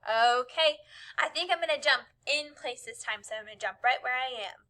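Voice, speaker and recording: A woman's voice: sits high, normal speed, bright, forceful tone. A woman teacher, out of breath, leading a cheerful spelling lesson for young children and encouraging them as she jumps along. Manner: cheerful, encouraging, spells letters aloud while jumping.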